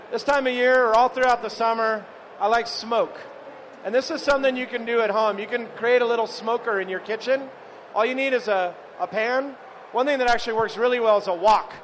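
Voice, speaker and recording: A high-pitched man talks casually through a live cooking demonstration, telling stories and asking the audience questions. Faint noise from the event fills the background. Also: fairly bright tone, poor audio. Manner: chatty, storytelling, addresses the audience. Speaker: chef giving a cooking demo. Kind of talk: live cooking demo with banter.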